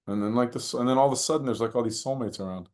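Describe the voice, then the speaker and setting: A man as a podcast guest, telling reflective personal stories with animated, acted-out moments and many "you know" fillers. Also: mid-range voice, rapid-fire. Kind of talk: reflective storytelling in conversation.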